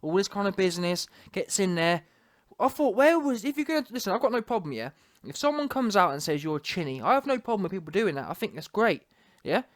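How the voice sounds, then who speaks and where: A man's voice: high voice, very animated, a little fast, no echo, studio quality. A man, a boxing commentator ranting casually to camera, emphatic and digressive, full of street slang.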